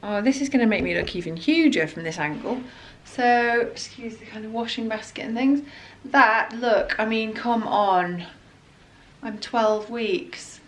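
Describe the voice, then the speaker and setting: A woman's voice: a little high, measured pace, a little hiss or hum. A woman in her thirties from the UK, talking through a casual pregnancy update vlog in a rambling, chatty way with lots of fillers and restarts. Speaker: vlogger.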